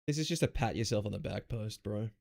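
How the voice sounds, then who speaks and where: A man's voice: on the low side, fast talker, gravelly, a little mellow. A man chatting casually on a live stream, blunt and sarcastic, with casual swearing.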